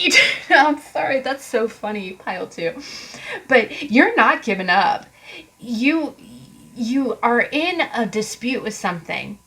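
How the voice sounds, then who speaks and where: A woman doing a casual tarot card reading for viewers, animated and sassy, laughing often and cussing freely. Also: medium pitch, poor audio. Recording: background hiss from mic fault.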